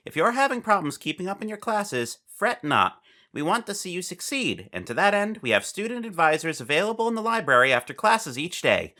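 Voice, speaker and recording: A woman's voice: fairly low pitch, pushed and bright. A woman reading in-world school announcements and ads in a formal announcer manner.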